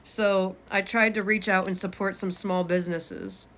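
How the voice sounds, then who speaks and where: A woman's voice: mid-range voice, steady tone, normal speed, fairly bright tone. A woman in her twenties reading her own journal aloud, candid and unfiltered, swearing casually. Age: 20s. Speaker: vlogger.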